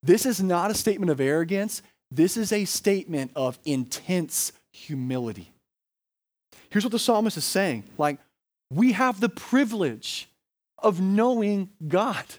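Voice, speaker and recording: A man's voice: sits high, expressive, a little slow, darkish tone. A man with an American accent, a pastor preaching a sermon in a conversational way, often asking "right?" and saying "like".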